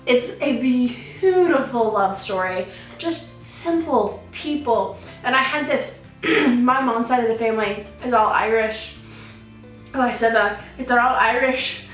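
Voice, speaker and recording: Speaking slowly in a fairly high voice, a young woman vlogs in a loose, gushing style, rambling and frequently correcting herself as she chats. There's roomy echo from a far-off mic, with faint music behind her.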